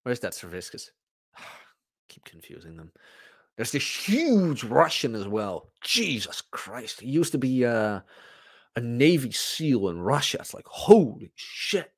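A man's voice: mid-range voice, very animated, slow. A man hosting a podcast, ranting bluntly and profanely in a casual livestream. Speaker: podcast host.

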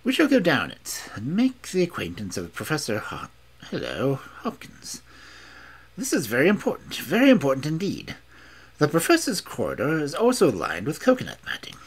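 A sharp-witted detective who presses his point briskly and with dry irony, put on by a man reading aloud. The voice is husky and swings widely in pitch, as in a storybook reading. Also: wildly swooping pitch, full character voice. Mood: probing. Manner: brisk, probing, lightly ironic. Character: brisk, shrewd male detective.

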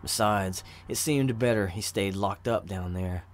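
A man narrating a fantasy story in an even, measured reading voice. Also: on the low side. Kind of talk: audiobook narration of fantasy fiction.

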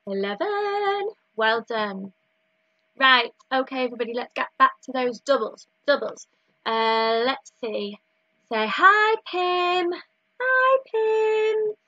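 A woman teaching a recorded maths lesson to young children in a slow, sing-song, encouraging way. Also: on the high side, sharp tone, breathy edge, dry recording, dull audio. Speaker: early years teacher.

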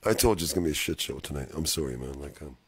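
A man with a very deep voice rambles to his livestream viewers, clearly drunk. He swears constantly and jokes loosely with the chat. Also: lively intonation, very fast. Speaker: livestream musician.

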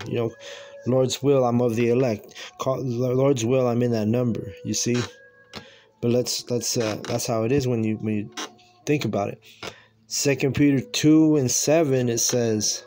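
A man's voice: mid-range voice, steady tone, a little slow, darkish tone. A man teaching from scripture in a loose, conversational way, full of slang, restarts and filler words. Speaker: preacher.

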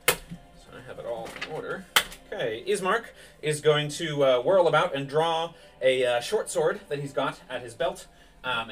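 A man narrating as game master of a tabletop game, relaxed and full of fillers. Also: mid-range voice, distant mic.

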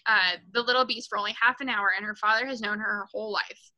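A woman's voice: mid-range voice, fairly even intonation, fast talker, pushed and bright, lo-fi sound. A woman reading aloud and voicing a huge, bullying female headmistress who barks and mocks. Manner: barking, snapping, mocking.

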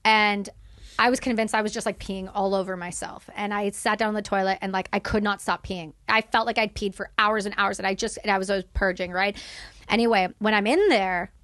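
A young woman speaking as a podcast guest, telling a candid story in animated, fast bursts and swearing freely. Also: mid-range voice, dry recording, studio quality.

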